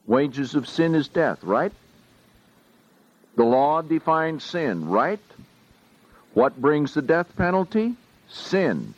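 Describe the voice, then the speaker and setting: A man's voice: medium pitch, very animated. A man teaching a Bible study verse by verse, often putting questions to his listeners. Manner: slow and questioning, asks the audience often. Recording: dull lo-fi recording.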